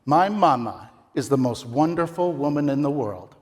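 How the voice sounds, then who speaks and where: This contestant, a middle-aged man, delivers a comic, theatrical story speech at a competition held in a large, echoing ballroom. He sounds animated and on the high side, with a moderate pace and a slight background noise.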